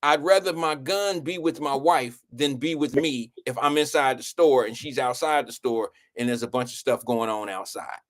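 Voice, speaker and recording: A live stream show host from Ohio talks at a normal speed with a medium-pitched voice, barely pausing. He's animated and casual, spinning rambling, profanity-laced stories.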